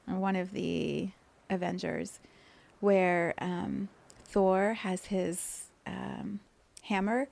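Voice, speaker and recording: A woman hosting a spiritual podcast, telling stories in an animated way and laughing often, then turning soft and hushed when she reflects. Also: medium pitch, creaky. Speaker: podcast host. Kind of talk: casual spiritual podcast talk.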